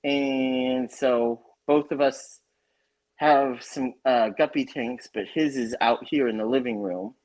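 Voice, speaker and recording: A man's voice: mid-range voice, slow, darkish tone. Rambling man hosting a casual stream. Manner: rambling, storytelling with many restarts. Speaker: stream host. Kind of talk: casual livestream chat.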